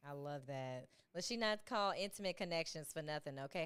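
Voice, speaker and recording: A woman's voice: sits low, fairly quick, few pauses, clean tone. A woman hosting a podcast interview, playful and emphatic, in casual chat. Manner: lively, playful, emphatic with "listen" and "okay". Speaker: podcast host.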